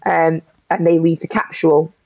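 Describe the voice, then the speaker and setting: A woman's voice: low-pitched, flat delivery, normal speed, gravelly, dry recording. Woman telling an emotional story. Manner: emotional, tumbling storytelling with restarts. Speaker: guest. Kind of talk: personal story in an interview. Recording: dull lo-fi audio.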